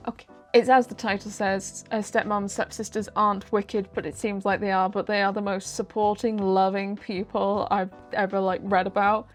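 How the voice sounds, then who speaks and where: A young woman, chatting casually through a shopping haul, rambling and poking fun at herself. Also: medium pitch. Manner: chatty, self-deprecating, rambling asides. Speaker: vlogger.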